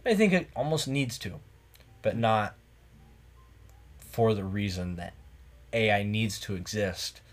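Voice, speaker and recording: This podcast host speaks slowly in a lowish voice, pausing often. Late at night in a woodland cabin, a few drinks in, he muses in casual, rambling, reflective chat, frequently starting his sentences over.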